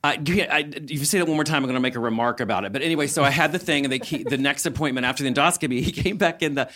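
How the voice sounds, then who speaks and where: A man's voice: mid-range voice, very fast, a bit bright. A middle-aged man from the South, delivering a stand-up rant that acts out other people's lines and swears freely. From Southern United States. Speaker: comedian guest.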